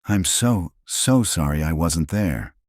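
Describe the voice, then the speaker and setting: A man's voice: low voice, animated, takes it slowly, darkish tone, dry recording, studio quality, full character voice. A man reading a choked-up young father. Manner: choked, earnest.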